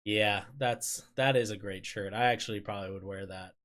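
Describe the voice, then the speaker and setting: A man's voice: on the low side, steady tone, moderate pace, fairly bright tone. A man hosting a casual livestream chat, rambling with lots of fillers, laughing and swearing as he talks. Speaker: streamer host.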